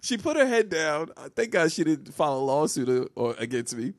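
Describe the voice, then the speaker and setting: A man's voice: on the high side, sing-song, brisk, no echo, clean studio sound. A man telling a comic personal story on a podcast, laughing a lot and restarting his sentences. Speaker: podcast co-host. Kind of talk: comedic storytelling chat.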